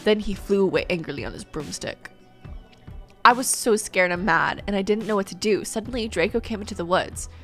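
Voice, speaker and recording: A woman's voice: medium pitch, animated, fairly quick, faint music behind. A woman YouTuber reading a story aloud and breaking off for self-mocking asides.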